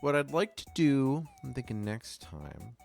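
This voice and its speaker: Mid-range, gravelly and very animated, this man speaks at a measured pace while streaming live and making music. The chat is casual and rambling as he thinks aloud and trails off mid-sentence, his sore tongue causing a slight lisp.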